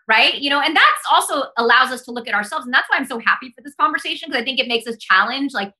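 A young American woman appears as a podcast guest, talking earnestly and passionately in casual conversation with a high, lively, sharp voice. She speaks fast with few pauses and says "like" a lot.

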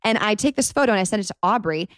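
A woman's voice: medium pitch, rapid-fire, no room sound. Young woman, twenties, podcast host, chatty storyteller, dry close mic. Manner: rambling, animated retelling full of "like". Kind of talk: casual storytime monologue.

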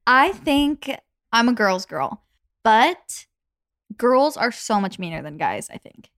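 A young woman from Arizona co-hosting a casual podcast, relaxed and agreeable, with quick reactions. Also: on the high side, no echo, clean studio sound. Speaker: podcast co-host. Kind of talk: casual chat.

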